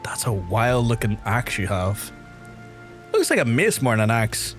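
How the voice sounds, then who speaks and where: A man's voice: medium pitch, sing-song, measured pace, soft background music. A man streaming a game, chatting casually with his viewers, swearing freely and laughing often. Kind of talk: casual live-stream chat.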